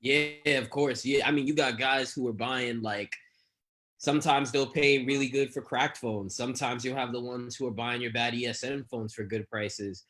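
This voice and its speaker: A man with a New York accent, a guest in a casual interview, who tells lively stories and acts out his talks with customers. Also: mid-range voice, normal speed. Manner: animated storyteller who acts out customer exchanges. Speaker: guest phone reseller.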